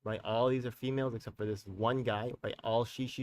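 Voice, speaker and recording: A man's voice: mid-range voice, steady tone, a little fast, darkish tone, distant mic, a little hiss or hum. Heated, profane New man ranting. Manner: profane, heated and rambling, with street slang; talks straight to viewers with tag questions. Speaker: community activist and live-stream host. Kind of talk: live-stream commentary.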